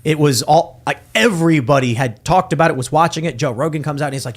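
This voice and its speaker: A man's voice: fairly high pitch, fast talker. Emphatic man hosting a talk show. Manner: emphatic, argues with acted-out quotes. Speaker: podcast host. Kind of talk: casual political talk show chat.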